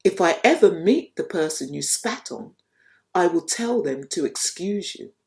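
A woman voicing a gentle, unshakably calm male spiritual teacher as she retells a teaching story. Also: on the low side, measured pace. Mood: serene.

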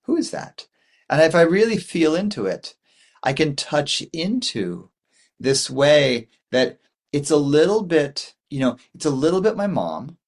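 A man's voice: fairly high pitch, sing-song, unhurried. A man in his forties giving a dharma talk as a Buddhist meditation teacher, rambling and thoughtful, with many fillers and restarts.

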